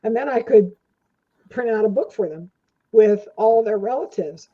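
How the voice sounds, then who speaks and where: A woman's voice: fairly high pitch, expressive, normal speed. An older woman, a guest in an interview, telling rambling stories with lots of fillers. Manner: rambling anecdotes with many fillers. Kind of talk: casual storytelling interview. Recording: dull lo-fi audio.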